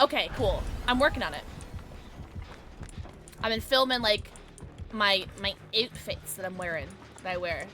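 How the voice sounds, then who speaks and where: A woman livestreaming while gaming, chatting excitedly with her viewers in a loose, filler-heavy way. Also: medium pitch, moderate pace, long pauses. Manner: excitable, chatty, talks to chat, many fillers like "like". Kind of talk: casual gaming livestream chat. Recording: game music audible behind voice.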